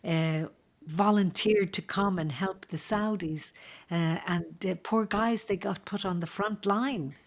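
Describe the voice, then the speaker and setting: An Irish midwife recounts her experiences on a conversational podcast in a medium-pitched voice. Her speech is halting, earnest and sorrowful, with many fillers and restarts.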